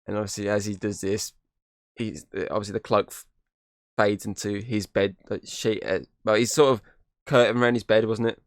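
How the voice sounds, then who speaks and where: A man's voice: fairly low pitch, little pitch movement, normal speed, no echo, clean studio sound. A man hosting a podcast, casually recapping a film and slipping into quoted lines from the characters. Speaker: podcast host.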